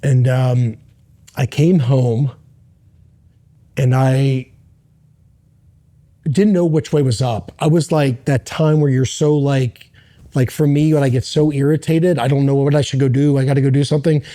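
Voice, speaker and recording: Speaking in a mid-range voice that is steady and warm, this middle-aged American former Navy SEAL recounts something personal during an interview. He's earnest but halting, often starting over.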